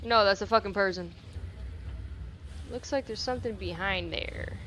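A young woman giving casual, profane gameplay commentary with sudden excited outbursts. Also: medium pitch, normal speed, background noise. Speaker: gaming channel host.

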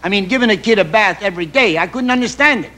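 A middle-aged man telling a folksy comic story as a stand-up monologue, stammering when excited. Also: high-pitched, fast. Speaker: comedian guest. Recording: live TV audience, noisy old broadcast. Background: audience laughter.

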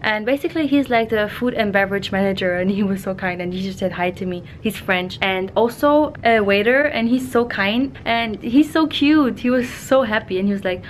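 A woman's voice: mid-range voice, normal speed, few pauses, slight background noise. Chatty young woman vlogging. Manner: chatty, rambling, laughs often. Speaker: flight attendant vlogger. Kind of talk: casual vlog chat.

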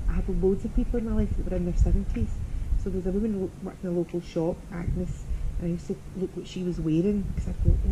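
A Scottish actress chatting as an interview guest, telling stories in a chatty, playful way. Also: female voice, on the low side. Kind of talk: casual interview chat. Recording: noticeable background noise.

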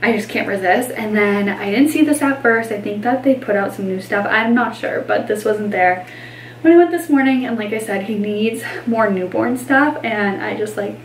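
A woman's voice: mid-range voice, moderate pace, echoey room, far from the mic, slight background noise, rough recording. A pregnant woman in her twenties, chatting casually in a vlog, gushing over baby clothes with lots of fillers. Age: 20s. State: pregnant, tired. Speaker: vlogger.

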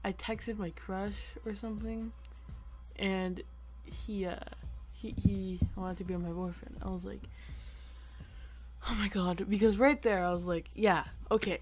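A teenage boy telling a personal story to camera, halting and rambling with lots of fillers. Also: high voice, steady tone, music in the background. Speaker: vlogger.

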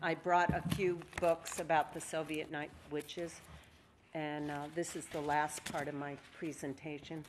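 A woman's voice: sits low, little pitch movement. A woman author giving a presentation at a museum library, reading passages aloud. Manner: slow, measured, reading aloud. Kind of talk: lecture with read-aloud passages.

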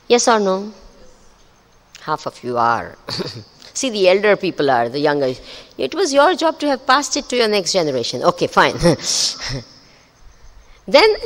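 Lively spiritual teacher woman in a hall. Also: a little high. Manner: questions the audience often, laughs between points. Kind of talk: spiritual discourse to a live audience. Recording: long hall reverb.

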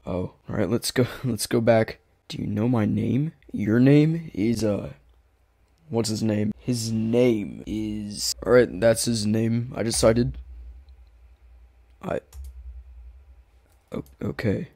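A man's voice: fairly low pitch, slow, vocal fry, long pauses, warm tone, no room sound. A man commentating a horror game, talking in a rambling, jumpy way and yelping when startled. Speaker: gaming YouTuber.

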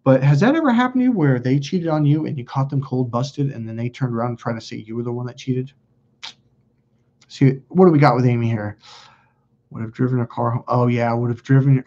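A man's voice: mid-range voice, quick pace, dark tone. A man hosting a casual livestream, telling rambling stories bluntly and with lots of swearing while reading viewer comments. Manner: blunt, profane, rambling storyteller. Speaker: host. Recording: dull lo-fi recording.

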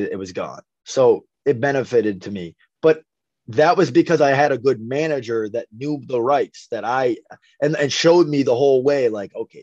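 A man's voice: mid-range voice, darkish tone, no room sound. A young man, a boxer telling a rambling, profane story in a casual podcast interview. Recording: dry, slightly dull podcast audio.

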